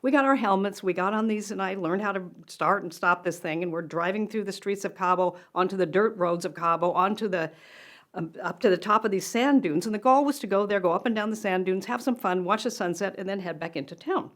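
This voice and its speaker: A woman's voice: medium pitch, a little fast, a bit bright. An older woman, a motivational speaker, telling a personal story straight to camera in an earnest, conversational way.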